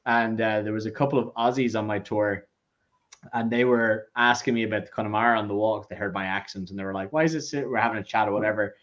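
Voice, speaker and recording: A man's voice: fairly low pitch, steady tone, fast, fairly bright tone. A man hosts a casual whiskey tasting and tells chatty stories. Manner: chatty anecdotes, acts out quoted people. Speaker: whiskey tasting club host. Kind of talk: casual chat, livestream tasting. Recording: dull lo-fi sound.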